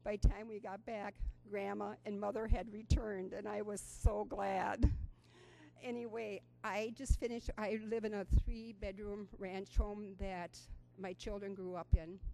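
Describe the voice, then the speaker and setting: A woman's voice: mid-range voice, mellow, rough recording. A woman in her sixties giving an earnest personal testimony to an audience, telling her story with frequent ums. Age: 60s. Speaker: program participant giving a testimonial. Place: school auditorium.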